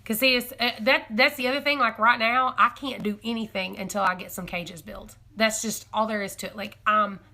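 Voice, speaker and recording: A young woman hosts a casual homesteading live stream, talking to her viewers in a bright, forward voice. She rambles and thinks aloud, correcting herself as she goes. She gets excited easily and laughs a lot. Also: mid-range voice, brisk, few pauses. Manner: chatty and excitable, laughs often.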